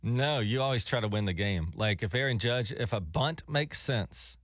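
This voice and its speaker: A man from the American South with a Southern accent, co-hosting a casual talk show with easygoing quick reactions. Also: on the low side, expressive, a bit bright, no room sound, clean studio sound. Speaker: co-host. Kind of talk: casual radio chat.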